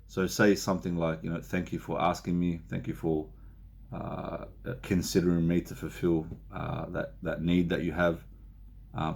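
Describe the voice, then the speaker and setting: Deep gravelly aussie guy, counsellor talking self-help, slow with lots of uh and you know. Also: darkish tone. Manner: unhurried, many fillers and restarts, acts out example speakers. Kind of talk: self-help talk to camera.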